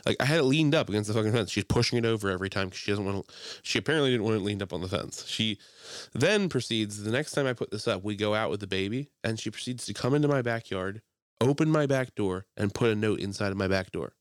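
A young man tears through a heated story at a rapid clip, swearing constantly as he co-hosts a casual podcast. His voice sits on the lower side, and the recording is dry and close, with no room sound. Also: dry recording. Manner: animated, profane ranting. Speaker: podcast co-host.

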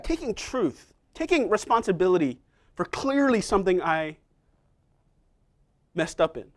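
A middle-aged man with a rather high voice delivers a sermon in a church. He tells personal stories in a loose, conversational, self-deprecating way. He often turns to the congregation with quick asides. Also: darkish tone. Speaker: preacher.

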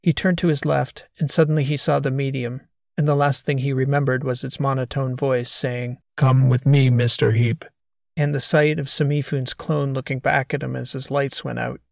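A man narrating a science fiction audiobook in a measured, even way. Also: medium pitch, creaky, no echo, clean studio sound. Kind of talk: scripted narration.

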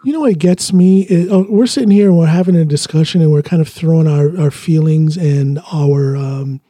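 A man hosting a podcast in casual, opinionated talk. His voice is high for a man, very warm and dark in tone, and husky. The sound is dry and close. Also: moderate pace, no room sound. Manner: opinionated, earnest, repeats phrases. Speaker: podcast host. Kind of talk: casual chat.

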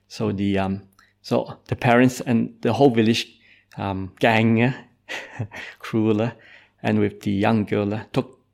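A Buddhist monk telling a story in a dharma talk, speaking hesitantly and tagging nearly every phrase with "eh". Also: male voice, fairly low pitch, vocal fry, darkish tone.

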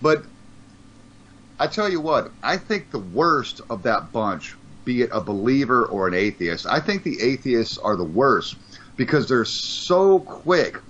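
Podcast co-host, male, lively pitch, rambling and profane, lo-fi audio. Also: measured pace, slight background noise. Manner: rambling, swears, repeats words. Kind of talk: casual podcast chat. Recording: dull lo-fi sound.

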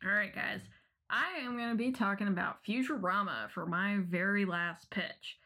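A woman co-hosting a podcast in casual chat, asking curious follow-up questions and then pitching a show. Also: normal speed, pushed and bright. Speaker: podcast co-host.

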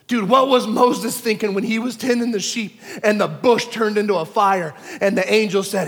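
High-voiced pastor preaching in a big hall. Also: male voice, moderate pace, few pauses. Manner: animated storytelling, dropping to a hush for quiet moments. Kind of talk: sermon. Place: large church hall. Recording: long reverb of a big hall.

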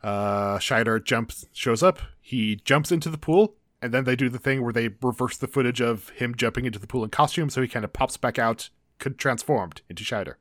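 A laid-back man recapping scenes with wry humor in a casual co-host chat. His voice has a middle pitch and sounds dry and close, with no room around it. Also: normal speed, a bit bright, no room sound. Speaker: podcast co-host.

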